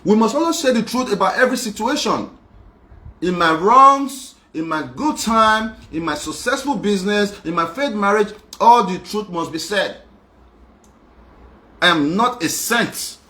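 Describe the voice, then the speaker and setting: A man's voice: high-pitched, expressive, a little slow, bright, forceful tone, roomy sound. A young man, speaking on a live show in an insistent, repetitive, emphatic monologue. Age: young adult. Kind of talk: emotional personal monologue.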